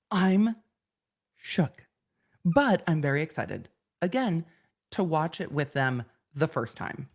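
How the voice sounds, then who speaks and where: Low-voiced chatty woman hosting a livestream. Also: animated, slightly rough. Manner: chatty, rambling, quick to laugh. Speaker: livestream host. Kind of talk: casual livestream chat.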